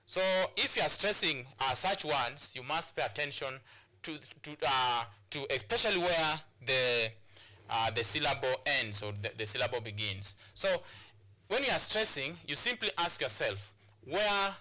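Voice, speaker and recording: A man's voice: mid-range voice, animated, moderate pace, pushed and bright. A man from Kenya teaching an English lesson on television, repeating key points and restarting phrases as he explains. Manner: repetitive, drilling points, many restarts and fillers. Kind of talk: classroom lesson on a TV show.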